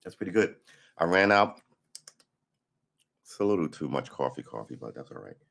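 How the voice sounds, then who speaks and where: A hoarse man hosting a casual morning live stream, rambling through a story and laughing at himself. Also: deep voice, sing-song, normal speed, a bit bright.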